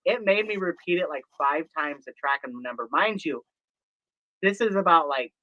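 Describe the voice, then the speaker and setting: Animated high-voiced man telling stories. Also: moderate pace, no room sound, lo-fi sound. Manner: animated storyteller, acts out phone calls, laughs easily. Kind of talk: casual chat.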